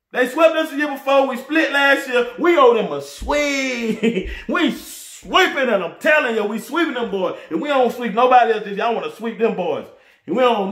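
A man rattles off boastful fan predictions in a high voice. He laughs and shouts when he gets fired up. The room around him is echoey. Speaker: sports fan vlogger. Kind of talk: casual fan commentary to camera.

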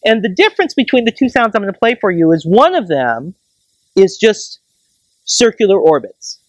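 Astronomer giving a public science talk, keen and chatty, keeps tossing in "right?", middle pitch, dry close sound. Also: big pitch swings, moderate pace, no echo. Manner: enthusiastic, keeps checking in with the audience with "right?"; explains in plain everyday comparisons. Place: planetarium lecture.

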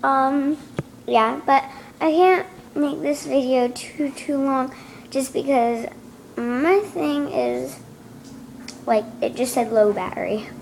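This vlogger's voice sits high and a little mellow, and she takes her time as she chats to her camera at home on a low-quality recording. She rambles hesitantly with lots of ums and restarts, and background noise is clearly audible.

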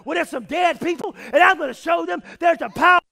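A man preaching a sermon as pastor, swinging from shouts to quiet talk. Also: very high-pitched, a little fast, vocal fry. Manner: preaching, often shouting and then dropping quiet. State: out of breath.

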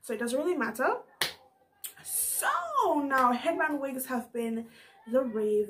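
A woman's voice: high-pitched, big pitch swings, slow, a bit bright, breathy edge. A woman doing a casual, chatty voiceover for a beauty vlog in her groggy morning voice, full of playful slang. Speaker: beauty vlogger.

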